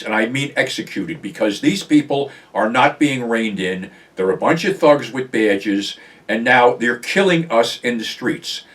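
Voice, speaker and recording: A man's voice: mid-range voice, fairly bright tone, recorded from a distance. A man hosting his own show, talking bluntly to his viewers in a casual, profanity-heavy monologue. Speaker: show host.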